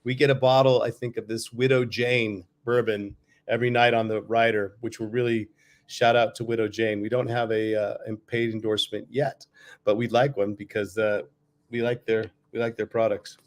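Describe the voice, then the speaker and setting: A man's voice: fairly low pitch, flat delivery, moderate pace. A man talking casually over a video call from a hotel room, his voice worn from touring, rambling easily with many fillers. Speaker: guest musician.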